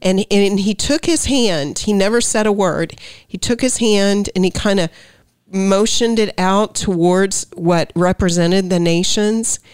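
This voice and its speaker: A woman's voice: mid-range voice, a little slow, smooth, dry recording, studio quality. A woman earnestly sharing a heartfelt personal testimony on a faith talk show.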